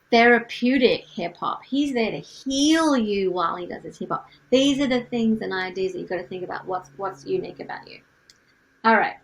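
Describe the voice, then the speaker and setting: Middle-aged aussie woman, light accent, a bit of fry in her voice, peppy coach throwing questions at you. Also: on the high side, low-quality recording. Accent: light Australian. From Australia. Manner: energetic, asks many rhetorical questions. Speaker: music business coach. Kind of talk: teaching to camera.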